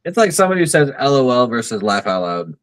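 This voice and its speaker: Lively, teasing podcast co-host man. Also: medium pitch, fast talker, crowd noise. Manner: playful, teasing, laughs easily. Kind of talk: casual banter.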